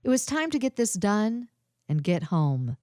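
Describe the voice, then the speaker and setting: A woman narrating a novel in an expressive, storytelling manner. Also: mid-range voice, a little slow, dry recording, clean studio sound. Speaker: audiobook narrator. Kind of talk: scripted narration.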